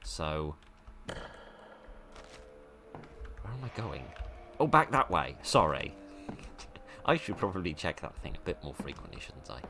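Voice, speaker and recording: A man's voice: very deep voice, sing-song, measured pace, creaky, pauses often, sharp tone, a little hiss or hum. A British man giving casual commentary while playing a game, rambling and self-mocking with frequent restarts. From Britain. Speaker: let's play gamer.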